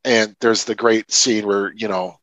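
A man's voice: on the low side, steady tone, a little slow, fairly bright tone, dry recording, poor audio. Emphatic male podcast co-host, dry sound. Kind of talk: casual movie review chat.

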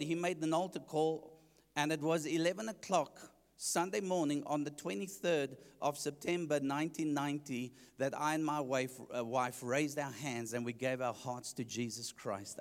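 A man's voice: on the high side, fairly even intonation, normal speed. A man preaching his testimony, telling the story animatedly and acting out his own past reactions. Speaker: evangelist. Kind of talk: sermon testimony. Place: church. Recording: long church reverb.

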